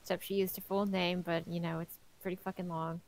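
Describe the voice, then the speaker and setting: A woman's voice: lowish voice, flat delivery, fairly quick, crowd noise. A woman playing a tabletop game, speaking sarcastically and swearing in casual chat. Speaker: player.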